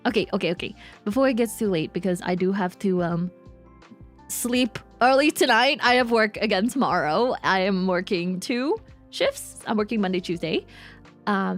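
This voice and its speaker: A woman VTuber chatting casually and playfully with her livestream audience. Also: on the high side. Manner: bubbly and playful, talks to chat. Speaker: VTuber streamer. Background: faint lo-fi hip hop music.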